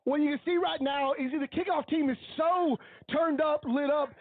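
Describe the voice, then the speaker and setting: A man giving coach-like color commentary on a high school football game, earnest and openly emotional as he breaks down each play. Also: steady tone, moderate pace, dry recording, phone-quality sound. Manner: analytical, coach-like breakdowns of plays.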